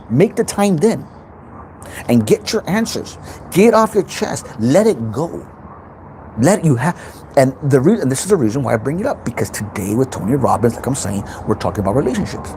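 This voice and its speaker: Man preaching self-help, very animated pitch. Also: a little hiss or hum, poor audio. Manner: intense, preachy, repeats himself, swears freely. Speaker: self-help channel host. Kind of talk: unscripted motivational monologue.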